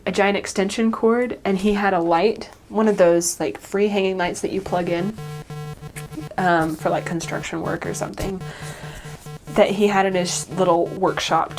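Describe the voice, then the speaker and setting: A young woman, a returned missionary, telling personal stories casually, laughing often and acting out the people she quotes. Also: medium pitch. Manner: animated, laughs often, acts out quoted voices. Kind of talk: personal storytelling.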